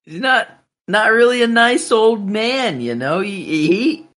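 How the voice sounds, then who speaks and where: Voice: mid-range voice, lively intonation, slow, a bit bright. A co-host in casual chat, mostly adding short agreeing remarks and laughing along.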